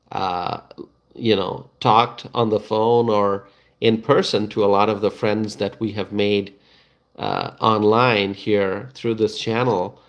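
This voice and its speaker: A middle-aged man, hosting a casual live stream and chatting to viewers, halting and full of fillers and restarts. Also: fairly low pitch, a bit bright. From Bangladesh.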